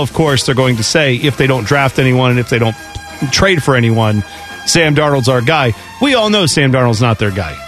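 A man's voice: mid-range voice, a bit bright. A man hosting a casual sports radio show, opinionated and chatty, slipping into mocking voices when he quotes people. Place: radio studio.

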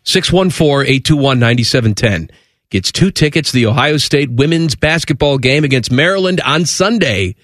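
A man hosting sports radio with a cold, deadpan and brisk. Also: mid-range voice, no room sound, studio quality. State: has a cold. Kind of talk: casual radio banter. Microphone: studio broadcast mic.

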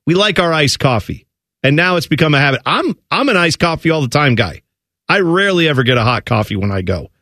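Guy cohosting radio, jokey and wry, bouncy higher voice, dry studio sound. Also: sing-song, bright, forceful tone, no echo. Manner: jokey, wry, quick asides. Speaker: radio co-host. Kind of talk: casual chat.

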